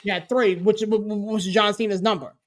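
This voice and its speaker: A woman's voice: mid-range voice, steady tone, normal speed, dry recording, studio quality. A woman co-hosting a casual wrestling podcast, playful and stammering, tossing out jokey protests. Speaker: podcast co-host. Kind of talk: casual chat reacting to wrestling.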